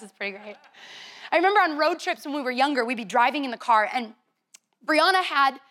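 Animated high-voiced young woman youth leader. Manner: animated, chatty, playful with sisterly teasing. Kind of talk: youth talk storytelling.

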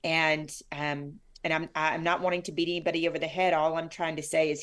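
A middle-aged woman talking as a guest in an interview, bubbly and over the top. Her voice sits a little low, and her stories come out in an effusive, animated rush. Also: fairly quick. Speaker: guest, former sportscaster. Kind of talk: conversational interview.

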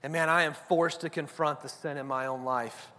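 High-voiced male preacher, chatty sermon delivery, big echoing hall. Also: fairly even intonation, normal speed, pushed and bright. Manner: conversational preaching, tag questions. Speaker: pastor.

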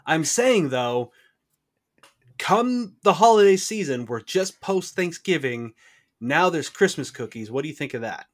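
A man's voice: fairly high pitch, lively intonation, a little slow. A man co-hosting a casual podcast chat, playful and mock-outraged. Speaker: podcast co-host.

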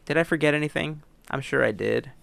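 A tired podcast host tries not to yawn as he rambles through casual chat and jokey sponsor plugs. His voice is on the high side, brisk, gravelly and a bit bright, with no echo.

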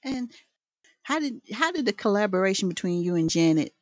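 A woman's voice: mid-range voice, sing-song, brisk, darkish tone, no echo, clean studio sound. A woman in her late thirties co-hosting a casual podcast, asking friendly, rambling questions. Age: late 30s. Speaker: podcast co-host. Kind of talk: casual interview.

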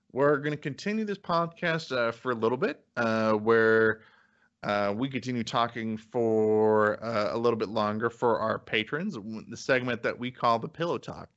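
A man's voice: mid-range voice, fairly bright tone, muffled recording. A man hosting a podcast, talking casually with lots of fillers and easy laughs. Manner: chatty, loose, laughs often, many fillers. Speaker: podcast host.

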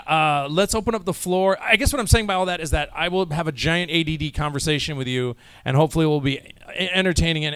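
Voice actor on a convention panel, tired, rambling, self-deprecating, a touch high-pitched, dry sound. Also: male voice, fairly bright tone, smooth, dry recording. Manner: rambling, self-deprecating, joking, with many restarts. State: tired and jet-lagged. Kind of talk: casual panel talk to a live audience. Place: convention hall panel room.

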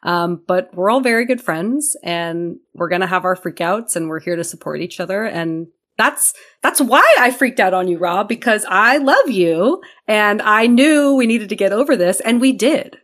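Animated woman co-hosting a podcast. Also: moderate pace, few pauses. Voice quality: animated, acts out quotes with big pitch jumps. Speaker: podcast co-host. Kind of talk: casual chat. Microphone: remote video call.

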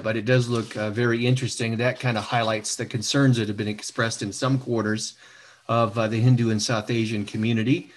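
A man's voice: mid-range voice, level tone, a little fast. A middle-aged man hosting an online discussion, speaking with many hesitations and fillers. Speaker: host.

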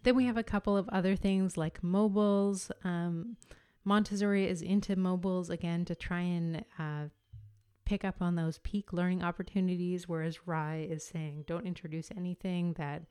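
Low, smooth-voiced woman podcast host. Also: normal speed. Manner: explanatory, compares ideas calmly with frequent fillers. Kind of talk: solo podcast monologue.

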